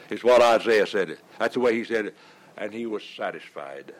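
A man preaching a sermon, leaning on repeated refrains, with halting restarts and drawn-out stresses on key words. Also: on the low side, animated, a little hiss or hum, poor audio.

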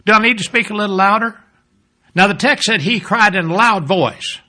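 A man preaching a sermon, emphatic, repeating key phrases and dropping low and soft toward the close. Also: normal speed.

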